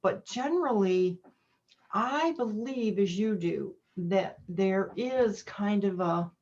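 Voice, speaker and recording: A woman's voice: mid-range voice, slow, darkish tone, muffled recording. A woman hosting an online interview, encouraging her guest with frequent affirmations and reflective remarks. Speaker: interview host. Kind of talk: casual interview chat. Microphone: video call.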